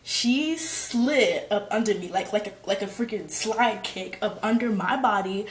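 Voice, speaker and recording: A young woman vlogger telling a story in a casual, slangy, animated way, shrieking when she quotes people. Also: medium pitch, a little slow, reverberant. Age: young adult. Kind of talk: storytime vlog.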